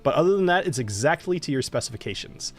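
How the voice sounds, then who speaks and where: Lively easygoing male dungeon master. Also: fairly high pitch, quick pace, soft background music. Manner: easygoing, laughs often, chatty asides. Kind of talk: narrating a live tabletop game.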